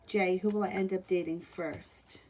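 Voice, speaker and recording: A woman at home runs a casual tarot livestream and calls out readings in a relaxed, matter-of-fact way. She uses plenty of easy fillers. Faint noise sits under her voice. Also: lowish voice, moderate pace. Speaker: tarot reader.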